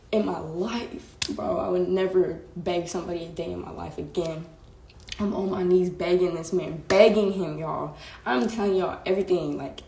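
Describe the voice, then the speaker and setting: A woman's voice: lowish voice, gravelly, a little mellow. A young woman, telling a candid, emotional story to her live-stream viewers with lots of "like" and "bro.". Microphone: phone live stream. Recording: echoey room with faint background hiss.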